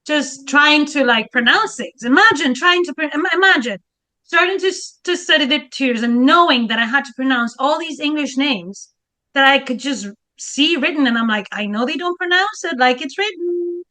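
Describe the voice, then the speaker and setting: A woman guest historian in lively casual chat who laughs often and restarts her words. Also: sits high, moderate pace.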